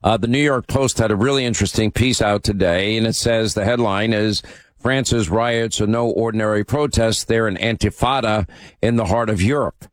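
A man's voice: on the low side, moderate pace, no room sound. Emphatic talk radio host, man. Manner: emphatic, opinionated, frequent fillers.

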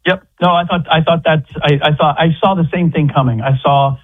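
A man's voice: fairly high pitch, steady tone, brisk, breathy edge. Man talking basketball over a dull line. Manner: rambling with many restarts. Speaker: guest basketball analyst. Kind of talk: casual sports chat by phone.

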